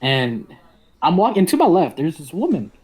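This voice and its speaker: A man's voice: a little high, huge pitch swings, moderate pace, a little mellow. Young man telling a slangy story. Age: young adult. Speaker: podcast co-host. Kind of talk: casual chat.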